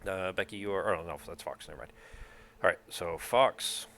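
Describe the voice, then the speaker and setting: A man's voice: sits low, normal speed, vocal fry, a bit bright, slight background noise. A man acting as game master for a tabletop board game, thinking aloud, counting moves and swearing casually.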